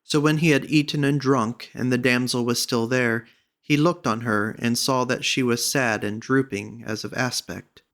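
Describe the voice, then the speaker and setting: A man reading a classic storybook aloud as an audiobook narrator, in a measured, even manner. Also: mid-range voice. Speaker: audiobook reader.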